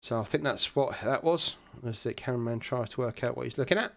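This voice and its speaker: A man giving relaxed, chatty live commentary on an online sim race, with plenty of fillers. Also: mid-range voice, fast, vocal fry.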